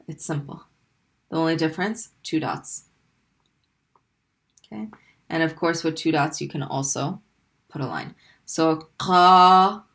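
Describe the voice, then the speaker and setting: A woman teaching a recorded Arabic lesson, patiently repeating sounds for learners to practice. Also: lowish voice.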